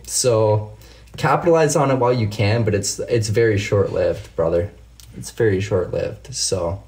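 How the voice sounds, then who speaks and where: A man's voice: lowish voice, unhurried, darkish tone. A man hosting a casual livestream, reading out viewer comments and ranting with heavy swearing. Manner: profane, heated ranting. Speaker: livestream host.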